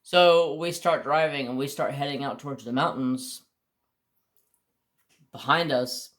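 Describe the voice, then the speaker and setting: A man's voice: medium pitch, unhurried, fairly bright tone. A man casually telling a long personal story on his crafts channel, rambling with restarts and mild swearing. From United States.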